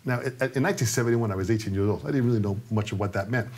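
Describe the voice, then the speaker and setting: A man's voice: fairly low pitch, rapid-fire, darkish tone. A man in his sixties teaching a live-streamed drum lesson, coaxing and joking as he repeats his instructions. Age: 60s.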